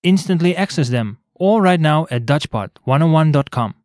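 A man co-hosting a scripted language lesson, explaining clearly and spelling words out letter by letter. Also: a little high, lively intonation, moderate pace, a little mellow, no echo, studio quality.

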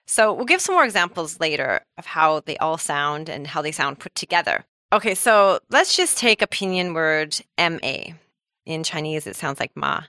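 Woman, lesson host, bright, lowish voice, upbeat, dry studio. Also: big pitch swings, moderate pace, dry recording. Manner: upbeat, explanatory, laughs easily. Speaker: language teacher host. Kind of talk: scripted podcast lesson with co-host.

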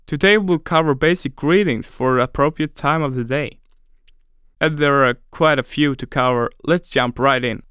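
A man teaching a scripted language lesson, speaking slowly and deliberately and repeating words syllable by syllable for pronunciation drills. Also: medium pitch, fairly bright tone, clear, resonant tone, dry recording, studio quality.

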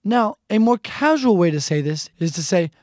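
Woman teaching slow, careful phrases. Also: mid-range voice, animated, a little mellow, no room sound, clean studio sound. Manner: slow, deliberate repetition of phrases. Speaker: language teacher. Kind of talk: scripted language lesson.

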